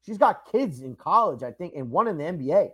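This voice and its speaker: A young man co-hosting a casual sports podcast, ranting and swearing with lots of energy. His voice sits a bit high for a man. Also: a little fast, husky. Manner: animated ranting, profane. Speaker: podcast co-host.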